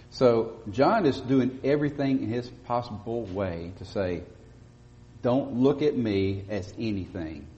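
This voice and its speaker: A man preaching a sermon as pastor, speaking emphatically and rising to loud stresses on key words. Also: mid-range voice, expressive, measured pace. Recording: dull lo-fi audio with long church reverb.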